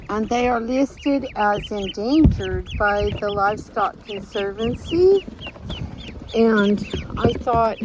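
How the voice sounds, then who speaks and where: Her voice is on the high side, with some background noise. She's a homestead vlogger chatting casually outdoors on her farm, sometimes speaking sweetly to her animals. Faint outdoor ambience carries the clucking of chickens and ducks.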